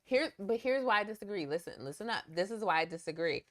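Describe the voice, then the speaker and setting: A woman's voice: expressive, quick pace. A young adult woman co-hosting a podcast, giving her opinions in an emphatic, indignant way. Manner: emphatic, indignant, rising pitch when outraged. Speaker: podcast co-host. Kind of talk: casual opinion chat.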